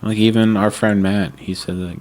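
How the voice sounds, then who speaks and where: A young man from Long Island with a mild Long Island accent, co-hosting a podcast in casual chat, animated and swearing freely as he tells stories. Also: fairly low pitch, moderate pace. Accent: Long Island, New York (mild). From Long Island, New York. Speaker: podcast co-host.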